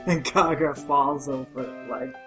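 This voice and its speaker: Low-voiced woman co-hosting a recap. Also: measured pace, a bit bright, soft background music. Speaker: podcast co-host. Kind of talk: casual manga recap chat.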